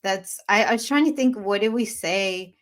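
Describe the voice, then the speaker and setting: A middle-aged woman from Eastern Europe co-hosting a podcast in casual chat, an animated storyteller who acts out the people she quotes. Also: medium pitch, normal speed. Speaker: podcast co-host.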